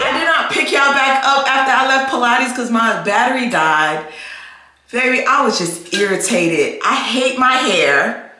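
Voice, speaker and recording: An American woman vlogger with a fairly high, lively voice rants expressively, a little slowly and with a sharp edge, swearing and repeating herself in a casual vlog. She's recorded on a camera mic in a very echoey room.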